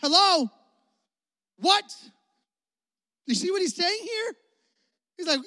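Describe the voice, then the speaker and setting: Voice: very high-pitched, big pitch swings, takes it slowly, pauses often, a bit bright. A youth pastor preaching with a casual, joking manner, calling for responses from the crowd and laughing often. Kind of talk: energetic sermon. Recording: long hall reverb.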